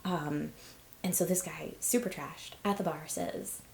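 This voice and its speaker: Candid young woman with a gravelly voice. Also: deep voice, fairly even intonation, measured pace, a little mellow, echoey room, slight background noise. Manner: candid, conversational with frequent ums and laughs. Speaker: host. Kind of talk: personal storytelling vlog.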